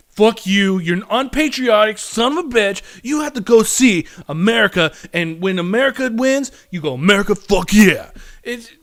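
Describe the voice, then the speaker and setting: A man's voice: sits high, fairly bright tone. A young man hosting a casual movie review vlog, talking bluntly and animatedly and swearing freely. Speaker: movie vlogger.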